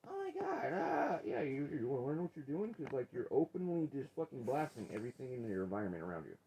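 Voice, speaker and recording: A man arguing with his wife on a vlog, profane and confrontational, his voice rising toward yelling. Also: medium pitch, lively intonation, fast, husky, low-quality recording. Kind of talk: heated domestic argument on a vlog.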